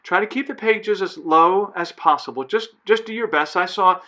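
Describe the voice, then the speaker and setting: A choir director talks his singers through a piece in a patient, methodical way. His voice sits a little high for a man. He counts beats aloud and sings short examples as he goes. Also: moderate pace, pushed and bright, poor audio. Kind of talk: recorded choir instruction.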